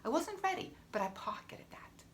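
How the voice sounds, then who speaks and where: A woman health coach telling her personal story to camera in an emphatic way, repeating phrases and sometimes dropping to a hush. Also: high voice, sing-song, normal speed, in a whisper.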